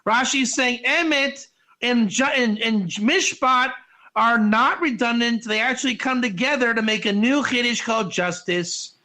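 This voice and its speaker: A man teaching a Torah class, excitable and rhetorical, his voice jumping up when he gets animated. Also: very high-pitched, a little slow.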